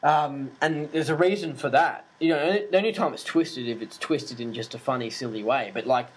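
A man ranting casually to camera, animated and indignant, swearing freely and using lots of fillers. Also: mid-range voice, normal speed, breathy edge, rough recording.

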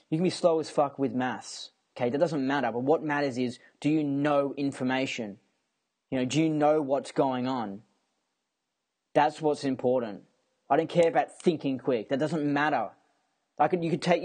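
A man's voice: mid-range voice, a little mellow. A young man in a casual rant to camera, rambling and emphatic, swearing freely and restarting his sentences as he goes. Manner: repeats himself and restarts sentences.

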